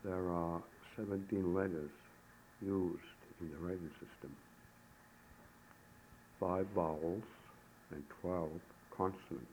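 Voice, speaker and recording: A man giving a recorded language lesson, saying the sounds slowly and deliberately, one syllable at a time. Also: sits low, steady tone, a little mellow, poor audio. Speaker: language teacher. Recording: old tape recording with faint hiss.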